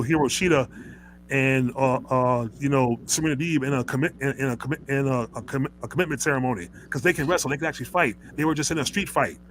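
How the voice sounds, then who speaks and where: A man's voice: mid-range voice, fairly bright tone, a little hiss or hum, poor audio. A man hosting a casual wrestling talk show, ranting in a heated, rambling way, with many stammers and restarts. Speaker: host.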